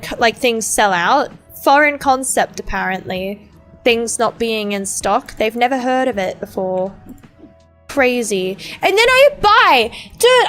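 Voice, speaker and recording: A woman's voice: fairly high pitch, a bit bright. A young woman chatting casually on a gaming stream, rambling and ranting with lots of swearing and fillers. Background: faint game music.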